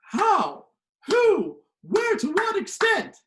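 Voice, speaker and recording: A man's voice: wildly swooping pitch, slow, a bit bright, heavily acted. A man playing a stern older female schoolteacher who barks classroom drills, in an echoey kitchen. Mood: drilling. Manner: booming classroom drill calls.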